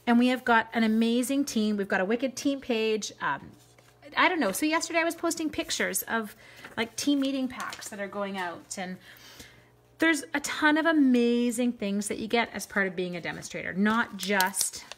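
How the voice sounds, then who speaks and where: A woman's voice: a little high, normal speed, a little hiss or hum. A middle-aged woman from Canada hosting a live card-making tutorial, chatty and upbeat, greeting viewers by name as she works.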